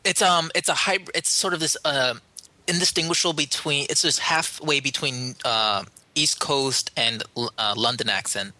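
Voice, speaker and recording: A man's voice: medium pitch, normal speed, sharp tone, no room sound, low-quality recording. A man on a gaming podcast, giving meandering explanations full of asides. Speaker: podcast co-host. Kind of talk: casual chat.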